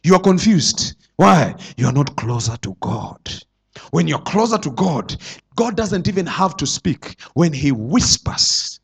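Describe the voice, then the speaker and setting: Male pastor, sermon, high voice, very lively pitch, dramatic loud-to-hushed delivery. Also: a little slow, gravelly, breathy edge. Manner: dramatic, swinging from loud declarations to hushed asides.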